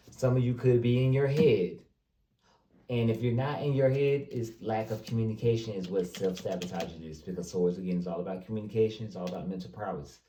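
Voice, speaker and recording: A man giving a casual tarot reading, speaking loosely and straight to his viewers, often repeating himself. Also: lowish voice. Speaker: tarot reader. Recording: roomy, distant mic with faint noise.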